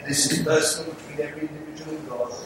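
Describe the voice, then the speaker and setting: This older Englishman's voice is a little high, with fairly even intonation, and he speaks rapid-fire. He preaches an earnest evangelist's sermon with an altar call in a church sanctuary, pleading with the congregation and adding small jokes. Recorded from afar in an echoey hall, with room noise audible.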